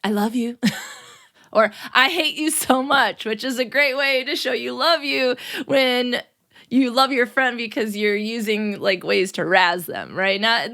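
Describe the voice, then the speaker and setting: A woman's voice: fairly high pitch, creaky, pushed and bright. Upbeat laughing woman podcast host. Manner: upbeat, laughs often, playful quoted voices. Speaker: teacher. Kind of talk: casual solo podcast talk.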